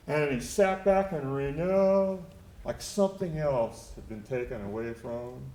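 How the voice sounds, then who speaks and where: A man's voice: medium pitch, a little mellow. Man telling a stage monologue, echoey room. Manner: reflective storytelling, tender and wry. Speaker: solo stage performer. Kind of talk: theatrical one-man monologue. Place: theater stage. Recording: echoey live theater recording.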